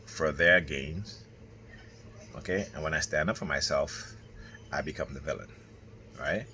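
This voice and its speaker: Very deep-voiced man rambling to camera. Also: pushed and bright, slight background noise. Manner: rambling, with constant "right?" and "okay?" tags. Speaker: vlogger. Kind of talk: casual monologue to camera.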